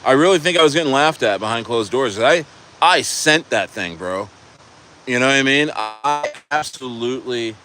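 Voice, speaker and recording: A man rambling through a casual live stream, stumbling over his words and swearing freely. His voice is bright and forceful. A faint hum of a vehicle sits behind him. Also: mid-range voice. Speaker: crypto streamer.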